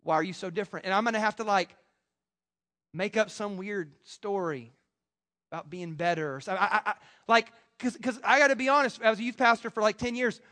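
A man preaching a sermon as pastor, animated, acting out the voices of people he quotes, with stammering restarts. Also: high voice, fairly quick. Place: church.

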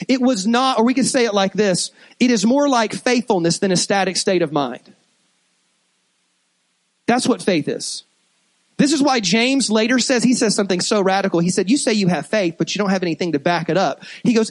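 A man preaching a sermon in an animated, conversational way, often restarting his phrases. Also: high voice, dry recording. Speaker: pastor.

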